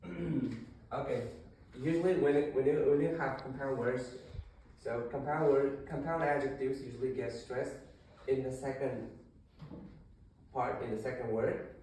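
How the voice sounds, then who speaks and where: A man's voice: mid-range voice, fairly even intonation, normal speed, warm tone. A male English teacher leading a classroom lesson, explaining step by step with fillers and restarts. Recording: very echoey room, voice far from mic.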